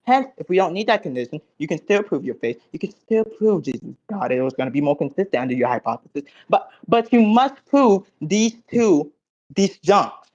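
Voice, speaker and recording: A man recapping an online debate, cocky and profane, lecturing in logic jargon with loud bursts and low mutters. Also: very animated, fairly quick, highs cut off.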